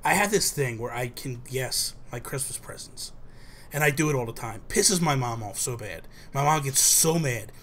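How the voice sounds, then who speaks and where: A young adult man hosting a casual chat show, telling a story with lively acted-out quotes. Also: mid-range voice, moderate pace, a little hiss or hum. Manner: animated storyteller, acts out quoted voices. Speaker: host.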